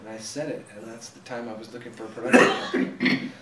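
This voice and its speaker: An actor and director chats eagerly as an interview guest, readily plugging his own work in a casual, chatty way. His mid-range voice is fairly even and fast, and the recording has a crowd in the background, an echoey room, a distant mic, and faint ambient noise.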